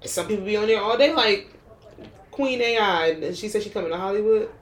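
A woman co-hosting a podcast, chatting casually in a blunt, animated way and laughing often. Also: medium pitch, fairly quick, echoey room, a little hiss or hum. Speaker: podcast co-host. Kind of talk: casual chat.

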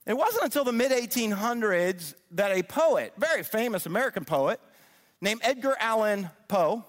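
High-voiced man preaching in a big hall. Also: moderate pace. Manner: animated, checks in with "okay?". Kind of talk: sermon-style teaching talk. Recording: long reverb of a large hall.

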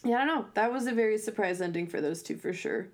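A woman's voice: mid-range voice, quick pace. A woman in casual podcast chat, talking with lots of fillers and laughing often. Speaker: podcast co-host. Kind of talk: casual chat recapping a reality show.

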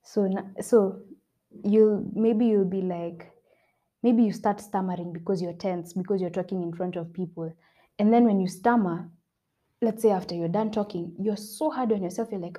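Young female podcast host, mellow tone, earnest motivational delivery, repeats for emphasis. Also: mid-range voice, a little slow. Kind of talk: motivational self-help talk.

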